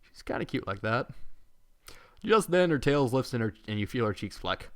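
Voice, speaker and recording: A man's voice: medium pitch, sing-song, moderate pace. A man reading a fan story aloud, breaking off for amused, muttered asides. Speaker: fanfiction reader.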